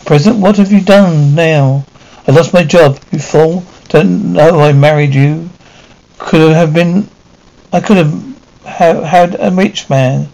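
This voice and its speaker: A greedy young woman under a snake curse, pleading and stumbling over her words, read aloud by a man. The voice is gravelly and sits a little high. It sounds like an amateur horror storybook reading. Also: slow, warm tone, low-quality recording. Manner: pleading, faltering.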